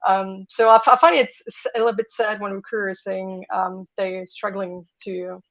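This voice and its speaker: A woman's voice: mid-range voice, steady tone, normal speed, fairly bright tone, highs cut off. A woman from France, a guest in a casual interview, talking with many fillers and light laughs over a video call.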